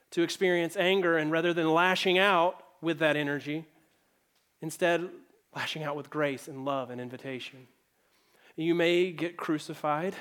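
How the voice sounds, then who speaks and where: A man delivers a church sermon in a slightly high voice. He tells stories in an easy, conversational way and briefly voices the characters as he goes. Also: a bit bright. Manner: conversational storytelling preacher, acts out quoted voices. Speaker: pastor.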